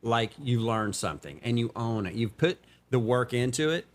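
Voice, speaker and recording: A man's voice: medium pitch, animated, moderate pace. A man co-hosting a podcast, talking earnestly in casual chat and often checking in with "right?". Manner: earnest, explains with repeated "right?". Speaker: podcast co-host.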